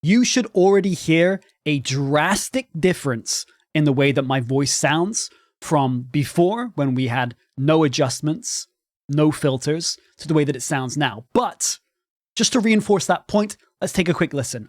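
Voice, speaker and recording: A man's voice: fairly high pitch, expressive, a little slow, no echo. Dry-voiced man explaining streaming audio. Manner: clear and instructive, demonstrating volume levels. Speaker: streaming tutorial host. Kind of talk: explaining tutorial. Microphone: studio microphone with processing.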